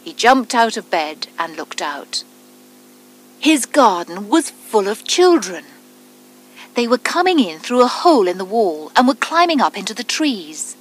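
Woman storyteller, slow and even, with a faint hiss under the voice. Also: medium pitch, low-quality recording. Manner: calm, deliberate, clearly spaced reading. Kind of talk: reading a children's story aloud.

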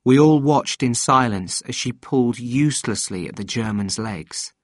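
A man reading a novel aloud in measured, steady scripted narration. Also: medium pitch, no room sound, clean studio sound. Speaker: audiobook reader.

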